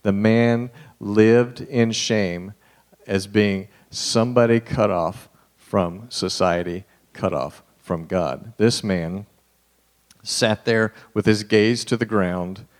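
A man with a lowish voice delivers a relaxed, conversational sermon. He speaks straight to his listeners in an informal way and sinks into near-hushed tones to stress key points. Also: slow pace. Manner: informal, addresses listeners directly, drops to a hushed voice for emphasis. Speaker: preacher.

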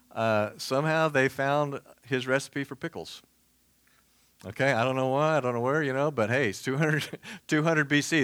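A man's voice: medium pitch, a bit bright, no room sound. A man preaching a casual sermon, chatty and joking, full of fillers and asides. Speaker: pastor.

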